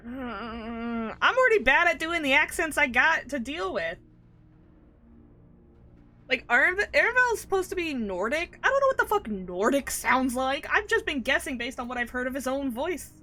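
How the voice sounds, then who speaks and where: A woman's voice: sits high, very animated, moderate pace, pushed and bright, faint music behind. A woman streaming a video game, chatting casually with a rambling, self-deprecating manner and frequent swearing. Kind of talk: casual gameplay commentary.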